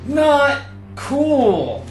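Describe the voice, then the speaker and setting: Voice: high-pitched, very animated, drawn-out words, a little mellow, reverberant, faint music behind, pitched above the performer's own voice, heavily acted. A game master doing a slangy, indignant fairy wolf. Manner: indignant, slangy, keeps saying dude and man. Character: brash bro-talking fairy wolf in disguise.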